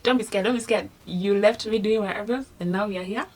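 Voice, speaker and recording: A woman's voice: medium pitch, quick pace. A young woman with a Kenyan accent, chatting casually in a rambling storytelling vlog and laughing at herself. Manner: drops to a hushed voice at times. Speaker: vlogger.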